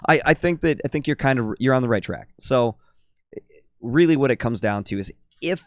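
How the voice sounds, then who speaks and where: A man's voice: medium pitch, animated, brisk, dry recording, studio quality. A man who works as a fitness and nutrition coach, talking bluntly in a casual podcast chat and swearing often. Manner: blunt, swears freely, slips into mocking voices.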